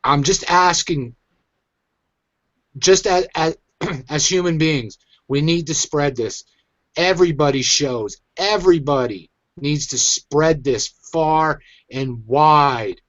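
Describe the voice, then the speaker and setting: A man's voice: fairly high pitch, takes it slowly, a bit bright, dry recording, lo-fi sound. A man hosting his own online show, venting in an agitated, emphatic rant. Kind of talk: angry ranting commentary.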